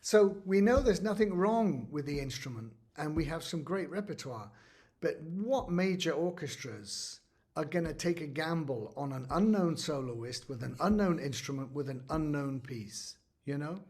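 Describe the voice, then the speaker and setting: Man, interview guest, animated storytelling, fairly high voice. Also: normal speed. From United Kingdom. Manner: animated storyteller, frequent "you know". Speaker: guest musician. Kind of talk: conversational interview.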